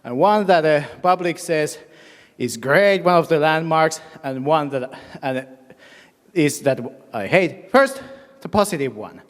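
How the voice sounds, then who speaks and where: A man whose native language is Finnish, slowly and hesitantly asking a question from the audience at a convention panel. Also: fairly high pitch, animated. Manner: slow, hesitant, searching for words. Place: convention hall. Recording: reverberant convention hall.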